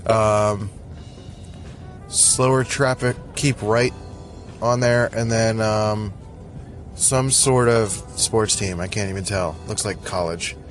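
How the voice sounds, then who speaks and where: A man's voice: fairly low pitch, steady tone, takes it slowly, pauses often. Man, casual rambling podcast talk, joking, recorded while driving, music behind. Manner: scattered, joking, self-deprecating. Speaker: podcast host. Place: in a car in traffic.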